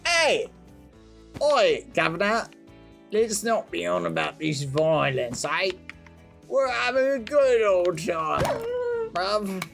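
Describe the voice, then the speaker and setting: A man's voice: high-pitched, very animated, slow pace, vocal fry, pauses often, a bit bright, soft background music, voice pushed up, full character voice. A man voicing a cheeky working-class English bloke with an overdone slangy accent in a sing-song delivery.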